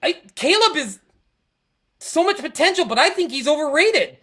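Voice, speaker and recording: A woman's voice: high voice, very animated, normal speed, a bit bright. A woman hosting a podcast, ranting in a casual, frustrated way about her football team, rambling and stammering through restarts. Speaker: podcast host. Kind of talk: casual sports rant.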